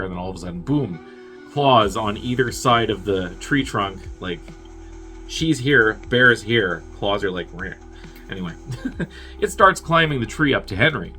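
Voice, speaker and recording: A man's voice: fairly low pitch, sharp tone. A man casually recapping a film's plot as a reviewer, rambling and profane, with chuckling asides. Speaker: movie reviewer.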